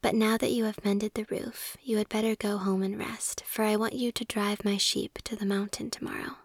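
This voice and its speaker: A woman whispering a smug lecturing miller, whispered role-play, gravelly and flat. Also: mid-range voice, moderate pace, dry recording, studio quality, natural voice. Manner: preachy and condescending. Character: smug self-righteous male miller lecturing a friend.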